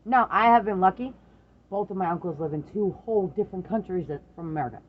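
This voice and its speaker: A middle-aged parent in a casual chat with their adult daughter, telling lively stories, swearing freely and acting out the voices of the people in them. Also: medium pitch, quick pace, phone-quality sound. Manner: animated storyteller, swears freely, acts out quoted voices.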